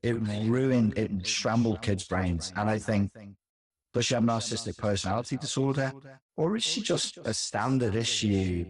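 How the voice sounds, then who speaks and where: Low-ish voiced guy in his 40s, ex-teacher, very opinionated, keeps repeating words for emphasis. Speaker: guest commentator, former teacher. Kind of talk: conversational commentary.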